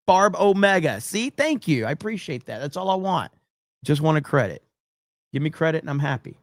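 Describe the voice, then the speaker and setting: A man hosts a casual livestream, reacting with sarcasm and mock disbelief. His voice sits slightly high and sounds dry and close, with no room around it. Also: normal speed, no echo. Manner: sarcastic, animated, mock-quoting, chuckling. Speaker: livestream host.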